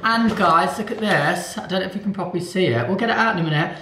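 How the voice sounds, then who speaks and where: A man's voice: high voice, fast, sharp tone, reverberant. A man chatting casually in a home vlog, cooing at his dog now and then. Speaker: vlogger. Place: at home indoors.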